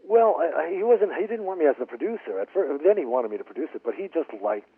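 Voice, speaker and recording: A man's voice: on the high side, quick pace, breathy edge, no echo. A man, a guitarist guest on a radio interview, telling stories and acting out what people said. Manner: animated storyteller acting out quotes. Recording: phone-line audio.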